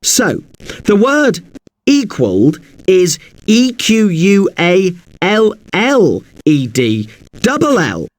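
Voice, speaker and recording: A male teacher takes the listener through spelling rules in a scripted lesson, politely apologizing for the exceptions. His voice sits high and swings widely in pitch. The sound is dry and close. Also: huge pitch swings, slow pace, no echo.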